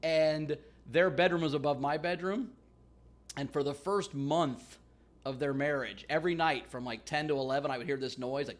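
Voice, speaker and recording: A man telling a funny story in casual chat on a video call, animated and swearing, acting out voices and noises. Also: fairly high pitch, moderate pace. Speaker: comedian guest.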